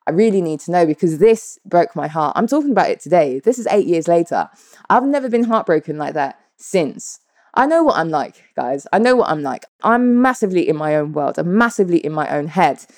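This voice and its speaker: Blunt woman, low-voiced storyteller. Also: brisk, no echo, studio quality. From United Kingdom. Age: 30s. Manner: animated, blunt and profane, addresses viewers directly. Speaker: vlogger. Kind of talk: candid personal storytelling.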